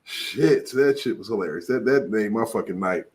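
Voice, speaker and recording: A man hosting a podcast as a DJ, giving excitable, profane, laughing reactions in casual chat. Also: lowish voice, moderate pace. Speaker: podcast host and DJ.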